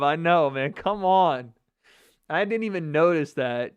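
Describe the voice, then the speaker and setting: Male stream host, mocking, profane, laughing, lively swooping voice, higher pitch, dry close sound. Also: slow pace, clean tone, dry recording. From United States. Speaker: host of live MMA talk stream. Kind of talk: casual livestream commentary.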